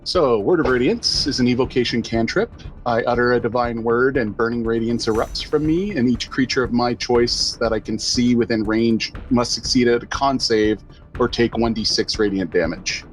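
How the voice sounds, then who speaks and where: A man playing a tabletop game, deliberately declaring his character's actions. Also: mid-range voice, faint music behind. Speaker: player.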